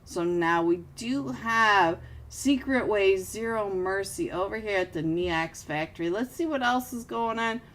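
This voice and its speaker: A young adult woman casting a mobile shooter match live, calling fights and joking with her viewers. She talks at an unhurried pace in a mid-pitched voice, excitable and quick to poke fun at herself. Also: slight background noise. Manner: excitable, self-mocking, jumps between play calls and chat. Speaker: esports caster. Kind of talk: live game commentary.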